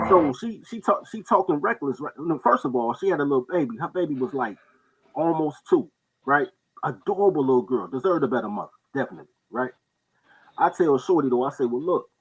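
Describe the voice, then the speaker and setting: A man casually telling stories on a talk show, animated and quick to act out the people in them. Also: slight background noise, low-quality recording. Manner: animated storyteller, jumps into high-pitched voices for others. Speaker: podcast co-host telling stories. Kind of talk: casual storytelling chat.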